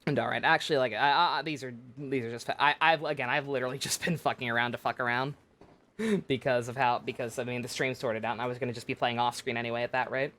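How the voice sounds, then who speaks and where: A woman's voice: rumbling low, steady tone, quick pace, fairly bright tone. A woman livestreaming a game, chatting casually in a rambling way with many restarts and frequent swearing. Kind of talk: casual gameplay commentary.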